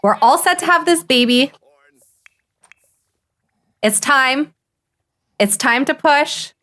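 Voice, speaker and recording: A woman streamer giving casual live gameplay commentary, excitable and gushing, often gasping and laughing. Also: high voice, slow.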